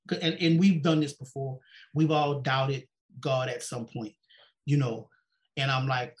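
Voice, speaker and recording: A man's voice: mid-range voice, fairly even intonation, unhurried. A pastor telling his personal story in an interview, repeating "she said" and acting out the dialogue. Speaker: pastor and guest. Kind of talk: personal testimony in a sit-down interview.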